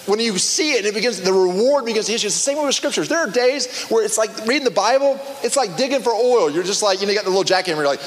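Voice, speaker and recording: High-voiced man preaching casually. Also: quick pace, few pauses, in a large hall. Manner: conversational, animated, many restarts and fillers. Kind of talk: casual sermon.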